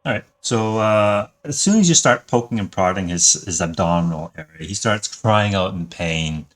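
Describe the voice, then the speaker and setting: A man's voice: deep voice, lively intonation, normal speed. A man narrating and running a tabletop game in an easygoing way. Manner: easygoing, plain narration with fillers. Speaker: game master.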